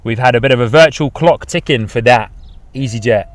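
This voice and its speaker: A man of middle pitch hosts a live plane-spotting stream from outside an airport. He talks casually and cheerfully as he reads out viewer messages and calls each landing. The sound is dry and close to the mic. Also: fairly quick, no echo. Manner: chatty, reads out chat messages, upbeat asides. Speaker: plane spotting livestream host. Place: outdoors at an airport.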